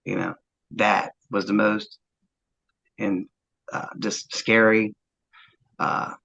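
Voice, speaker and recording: A man earnestly recounting a first-hand encounter, halting often with fillers as he tells it. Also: fairly low pitch, flat delivery, vocal fry, bright, forceful tone, husky, dull audio. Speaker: eyewitness interviewee.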